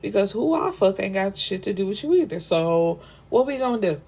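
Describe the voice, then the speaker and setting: A woman voicing a sassy, quick-tempered young woman who talks back in indignant slang. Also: medium pitch, sing-song, a little mellow, breathy edge. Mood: defiant.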